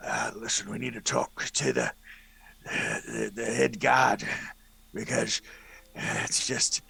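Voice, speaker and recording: A man voicing a male sailor putting up a front, halting and fumbling for words. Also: mid-range voice, sing-song, creaky, bright, forceful tone, husky, full character voice. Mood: scheming. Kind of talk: tabletop role-play.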